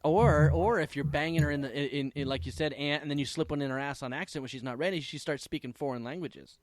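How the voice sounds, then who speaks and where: A man's voice: a little high, fast. A man hosting a crude comedy game show over a video call, laughing often and stumbling into restarts. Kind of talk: crude comedy podcast banter. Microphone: online video call.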